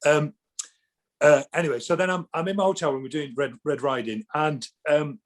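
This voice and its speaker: A man with a Yorkshire accent, a guest on a podcast, telling lively anecdotes and acting out what people said. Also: a little high, moderate pace. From England. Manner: animated, laughing, acts out quotes. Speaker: actor guest. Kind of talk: anecdotal storytelling.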